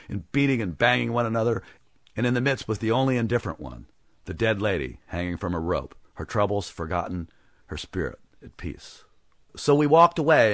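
A man narrating a story as an audiobook, with expressive storytelling. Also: fairly low pitch, dry recording, clean studio sound.

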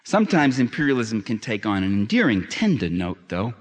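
A man's voice: on the low side, sing-song, a little fast, husky. A man giving a public lecture, emphatic and sardonic, building to impassioned climaxes. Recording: long hall reverb.

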